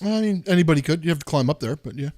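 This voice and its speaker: A man's voice: a little high, lively intonation, rapid-fire, a little mellow. A man running a tabletop game as game master, laughing often and talking in a loose, casual way.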